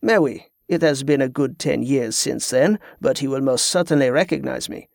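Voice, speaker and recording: A man voicing an old pirate, speaking low in a wry, courtly way. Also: moderate pace, gravelly, a little mellow, no room sound, clean studio sound, close to an everyday voice. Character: old, wry, one-fingered male pirate.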